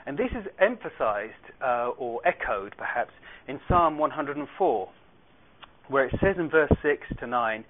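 Male Bible teacher, mid-pitched, explanatory reading style; thin phone-like recording. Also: very animated, measured pace. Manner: explanatory, reads scripture aloud, light asides. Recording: tinny phone-like radio sound.

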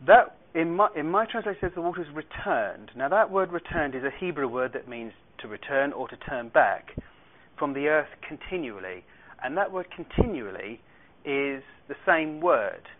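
A Bible teacher with a voice on the high side leads a study at a moderate pace, sounding animated. He reads verses aloud and explains them with light asides. The audio has a tinny, phone-like radio sound.

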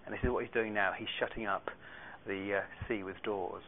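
A man's voice: lowish voice, steady tone, moderate pace. Man teaching scripture over tinny audio. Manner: explanatory, reads scripture aloud, light asides. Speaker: Bible teacher. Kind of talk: Bible study teaching. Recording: tinny phone-like radio sound.

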